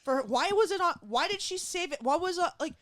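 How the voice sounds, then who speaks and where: A young adult woman, a guest comedian in a casual podcast chat, telling stories and acting out quotes loudly. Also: extremely high pitch, fairly quick, dry recording, clean studio sound. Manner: animated storyteller, acts out quotes loudly.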